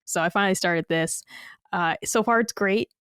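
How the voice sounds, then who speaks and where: A woman's voice: mid-range voice, moderate pace, fairly bright tone, clear, resonant tone, dry recording, studio quality. A woman co-hosting a casual gaming podcast, rambling with many fillers and casual swearing. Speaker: podcast co-host.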